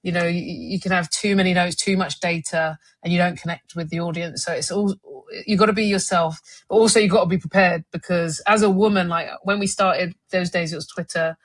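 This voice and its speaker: A woman's voice: on the low side, fairly quick, hardly any pauses, no room sound. A woman with a South London accent, a guest on a podcast, telling stories casually, laughing easily and slipping into voices. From South London, England. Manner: lively storyteller, laughs easily, does voices in anecdotes. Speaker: guest, former cricketer and broadcaster.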